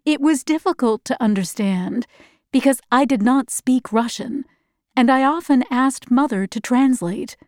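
A woman narrating a first-person story in a measured, plain way. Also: sits high, darkish tone, no room sound, studio quality.

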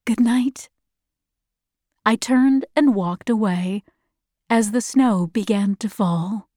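A woman narrating a first-person story in a measured, plain way. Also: medium pitch, darkish tone, no room sound, clean studio sound.

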